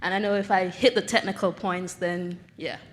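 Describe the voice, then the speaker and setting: A woman's voice: lowish voice, flat delivery, moderate pace, slight background noise. A woman, a hurdler, answering at a press conference in a composed, focused way.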